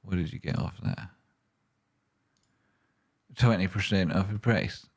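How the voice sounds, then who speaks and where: Casting note: male streamer, very deep voice, brash and sweary, casual chart talk. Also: measured pace, gravelly, a little mellow, breathy edge. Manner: ranting and swearing, then rambling while walking through charts. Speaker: livestream host and stock chart analyst. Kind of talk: casual livestream chat, reading viewer questions.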